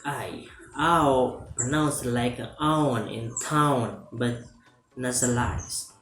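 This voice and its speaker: A student presenting a class assignment, reading lecture notes aloud in a halting, hesitant way, with fillers and self-corrections. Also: medium pitch, a bit bright, a little hiss or hum. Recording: roomy echo with music underneath.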